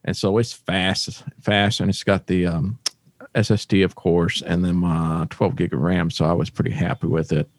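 A man's voice: low voice, level tone, normal speed, no echo, clean studio sound. A man hosting a podcast in a casual, playful way, chatting and joking with his co-hosts. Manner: playful, jokes around with co-hosts. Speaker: podcast host.

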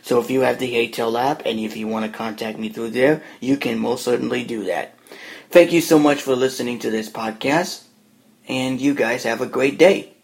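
Gravelly-voiced man demoing an app. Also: mid-range voice, moderate pace, a little hiss or hum. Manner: relaxed, plain explaining tone. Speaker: podcast host demoing an app. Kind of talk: casual spoken app walkthrough.

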